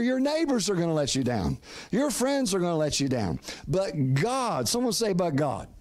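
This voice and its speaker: A man's voice: high-pitched, a little mellow. A middle-aged man preaching a sermon as pastor, calling on the congregation to repeat words, often restarting phrases. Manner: preaching with call-and-response prompts to the congregation.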